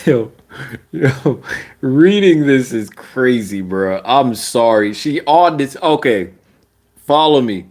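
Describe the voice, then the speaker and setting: A young man giving casual, slangy basketball commentary. He rants, laughs often and mocks other people with sudden high-pitched voices. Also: takes it slowly. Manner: animated, laughing, slangy, mocking voices with big pitch jumps.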